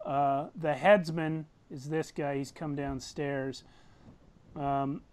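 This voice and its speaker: Game master man, slightly high voice. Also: fairly even intonation, slow, darkish tone, clear, resonant tone. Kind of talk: narrating a tabletop game.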